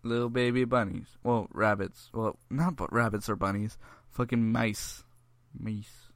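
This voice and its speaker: A young man hosting a casual podcast chat, excitable and profane, rambling with restarts and laughing often. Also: medium pitch, moderate pace, no echo. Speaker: podcast host.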